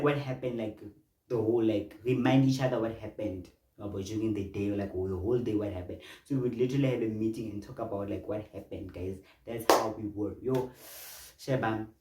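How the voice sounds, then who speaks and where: A young man telling an animated storytime vlog, breaking off often to address his viewers. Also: medium pitch. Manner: animated, exclamatory, chatty asides to viewers. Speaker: vlogger. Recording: roomy room with faint noise.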